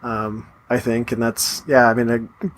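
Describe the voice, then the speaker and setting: A man's voice: mid-range voice, flat delivery, unhurried. A man co-hosting a podcast in casual chat, friendly and thoughtful, tending to ramble. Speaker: podcast co-host.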